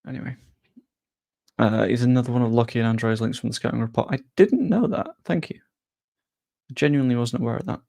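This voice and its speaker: A man hosting a football channel, chatting casually as he answers viewer questions with quick asides. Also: medium pitch, vocal fry, darkish tone. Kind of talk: casual live-stream Q&A.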